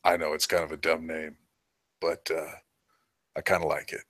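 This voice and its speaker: Game master, male, deep forceful voice, loose casual narration. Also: level tone, normal speed, no echo. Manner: loose, hedging narration with "kinda" and "like".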